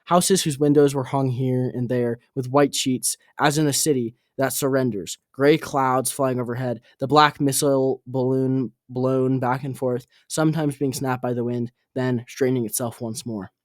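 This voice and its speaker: A man reading an audiobook aloud, halting and correcting his own slips. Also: medium pitch, fairly even intonation, no room sound, clean studio sound. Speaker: audiobook reader.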